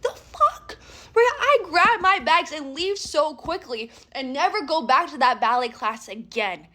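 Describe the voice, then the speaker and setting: A woman telling a storytime vlog, sassy and animated. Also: high voice, measured pace.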